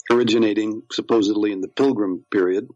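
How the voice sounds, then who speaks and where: A man's voice: lowish voice, fairly even intonation, fast, a little mellow, no room sound, muffled recording. A man, an actor, chatting as a podcast guest, rambling with many fillers and restarts. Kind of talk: casual interview chat.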